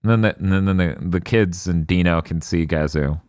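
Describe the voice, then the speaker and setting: A man co-hosting a casual podcast, recapping an episode with sardonic asides and quick put-on character lines. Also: sits low, darkish tone, smooth, no echo, clean studio sound.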